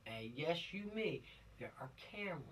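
A woman's voice: low-pitched, lively intonation, moderate pace, a little hiss or hum. A woman police officer giving a law lesson to teenagers, telling it dramatically with rhetorical questions and acted-out scenes. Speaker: police officer teaching teens. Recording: voice from a distance.

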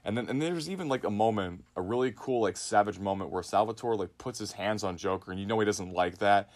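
A man's voice: lowish voice, fairly quick. A man co-hosting a film podcast, talking enthusiastically about scenes with lots of "like". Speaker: podcast co-host. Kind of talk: casual film discussion.

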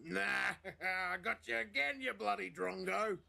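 An actor with an Australian accent playing a crude, teasing border guard in a video game, full of slang. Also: male voice, high-pitched, measured pace, vocal fry, bright, forceful tone, exaggerated voice. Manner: brash, teasing, heavy slang. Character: crude joking Australian border guard, middle-aged prankster.

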